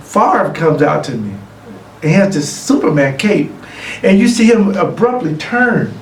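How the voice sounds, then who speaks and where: Middle-aged man, acceptance speech, gravelly, fairly high voice, distant mic, echoey room. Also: unhurried, slight background noise. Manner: lively anecdote-telling, acting out other voices. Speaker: award honoree. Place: room, recorded for a virtual gala.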